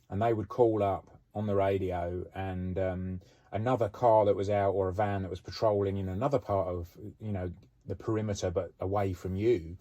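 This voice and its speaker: A middle-aged man with a low, husky, mellow voice recounts his police days in a relaxed, chatty way. He fills his sentences with "you know" and "um" as the story rolls along. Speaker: former police officer telling stories. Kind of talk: casual anecdotal storytelling.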